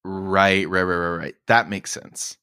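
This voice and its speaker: A male podcast host with a fairly low but bright, forward voice. He asks questions in an easygoing, playful manner. The sound is dry and close-miked. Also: fairly even intonation, measured pace, clear, resonant tone, no echo. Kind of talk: casual podcast interview.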